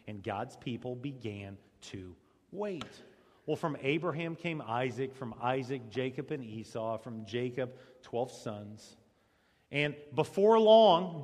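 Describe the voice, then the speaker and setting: A male pastor preaching a sermon as dramatic storytelling, swinging between loud passages and hushed ones. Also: fairly high pitch. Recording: long reverb of a large hall.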